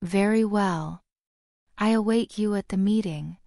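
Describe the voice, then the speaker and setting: A woman's voice: mid-range voice, unhurried, mellow, dry recording, clean studio sound, close to an everyday voice. A woman voicing a grave, courteous old wizard. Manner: courteous, turning cold. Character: congenial, grave old male headmaster wizard.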